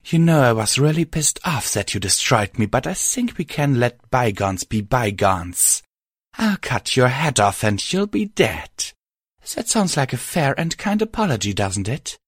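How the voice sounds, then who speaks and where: A man's voice: mid-range voice, very animated, a little slow, husky, no echo, clean studio sound, voice pushed up. A man voicing a cruel female alicorn villain who mocks and gloats in a taunting manner.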